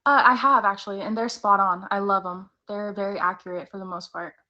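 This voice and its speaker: A woman's voice: mid-range voice, steady tone, a little fast, sharp tone, highs cut off. A woman in her twenties, a guest on a tarot show, nervous but eager and chatty. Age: 20s. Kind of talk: casual chat.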